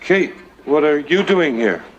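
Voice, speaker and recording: A plain-spoken young coworker. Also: male voice, fairly high pitch, animated, measured pace, muffled recording. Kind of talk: sitcom acting. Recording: studio laugh track, noisy TV audio.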